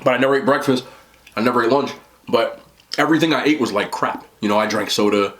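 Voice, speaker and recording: A man's voice: medium pitch, quick pace, a bit bright. A young man who vlogs about eating, chatting casually as he eats on camera, often talking with a mouthful and rambling. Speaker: mukbang vlogger.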